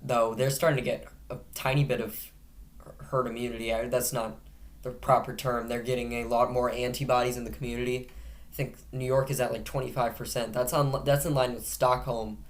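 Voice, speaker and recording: A man at a middle pitch talks through the day's news into a camera. His tone is casually sarcastic, with dry jokes dropped between the headlines. He keeps tripping over his words and fixing them as he goes. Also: level tone, a little fast. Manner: frequent self-corrections and restarts. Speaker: host of a news commentary show.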